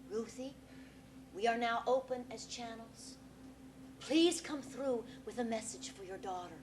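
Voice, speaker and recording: A woman playing an earnest young woman who leads a séance on stage, soft and soothing. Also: on the high side, unhurried, close to an everyday voice. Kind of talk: stage play acting. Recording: noisy live stage recording.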